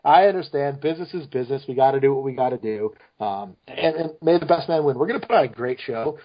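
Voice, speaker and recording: A man's voice: mid-range voice, lively intonation, fast talker. Joking, profane man on a lo-fi podcast. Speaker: podcast guest. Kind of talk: casual podcast chat. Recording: muffled lo-fi podcast audio.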